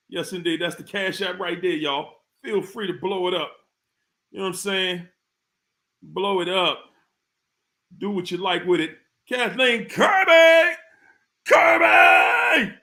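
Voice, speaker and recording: Hyped man shouting out his viewers. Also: high voice. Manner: hyped, greets viewers by name with whoops. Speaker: livestream host. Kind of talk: live chat shout-outs.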